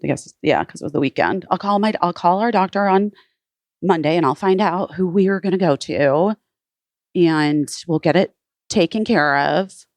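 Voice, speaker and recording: Low-pitched woman, podcast guest, chatty storytelling full of "like", dry close sound. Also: moderate pace, a little mellow, dry recording. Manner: frequent "like" fillers, retells others' words. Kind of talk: casual personal storytelling.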